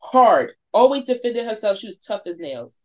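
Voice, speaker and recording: A woman in her forties from New York, her pitch sitting in an ordinary middle range, spins a spooky story as a podcast guest. She talks in a lively way, swears freely and acts out her friends' voices. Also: moderate pace. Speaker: podcast guest, wine shop owner.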